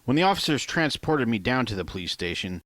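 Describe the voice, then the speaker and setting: A man reading his own novel aloud in first person, in a plain, unhurried way with occasional asides to the listener. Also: mid-range voice, sing-song, a bit bright, dry recording. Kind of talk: first-person audiobook narration.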